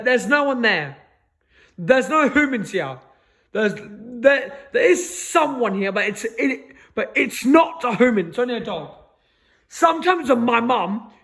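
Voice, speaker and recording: High-voiced guy, rambling. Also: fairly bright tone. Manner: repeats "lads" in a low mutter, stammering restarts. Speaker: vlogger. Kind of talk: rambling solo monologue.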